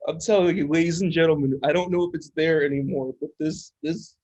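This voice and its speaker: Husky, fairly high-voiced young man. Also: steady tone, fairly quick, a little mellow, highs cut off. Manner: chuckling, teasing sidekick. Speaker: podcast co-host. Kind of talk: casual chat.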